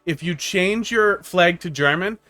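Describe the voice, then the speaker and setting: A man's voice: sits high, measured pace, bright, forceful tone, no echo, faint music behind. A man from the United States giving casual, joking live-stream commentary on viewer-made game levels, rambling and laughing often.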